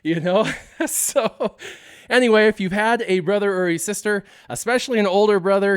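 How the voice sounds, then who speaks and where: A young man chats on a live stream, telling a story and acting out the voices. His voice sits a little high and sounds smooth and clear. The recording is dry and close. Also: no echo. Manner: animated storyteller who acts out scenes and laughs often.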